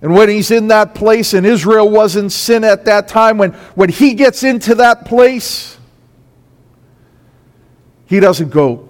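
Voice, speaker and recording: A man with a high, bright-pitched voice preaches at a measured, unhurried pace. His delivery swells and falls with emphasis like a pastor in the pulpit. The sound carries a long reverb, as if in a large church sanctuary. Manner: impassioned preaching, voice rising and falling with emphasis. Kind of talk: sermon.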